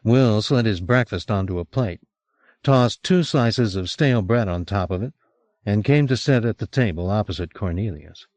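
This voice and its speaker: A man's voice: lively intonation, normal speed, a little mellow, no room sound. A man narrating a novel as an audiobook reader, recorded on an old cassette. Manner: voices each character with raised pitch. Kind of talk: audiobook reading.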